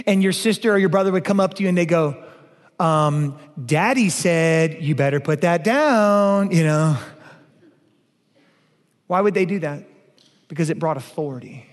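Male pastor, high voice, emphatic sermon, rhetorical questions, long hall reverb. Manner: emphatic, rhetorical questions, shifts between loud and hushed.

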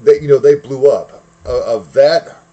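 A man's voice: mid-range voice, a little slow, mellow, muffled recording. A man co-hosting a podcast in casual chat, emphatic and enthusiastic. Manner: enthusiastic, emphatic fan talk. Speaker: podcast co-host.

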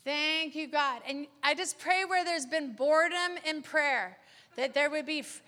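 A woman with a very high, bright voice leads spontaneous prayer. She repeats phrases slowly and punctuates them with sighs and exclamations. Her voice rings out with a long reverb, as in a large hall. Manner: repetitive, exclamatory, with breathy sighs and whews. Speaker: prayer leader.

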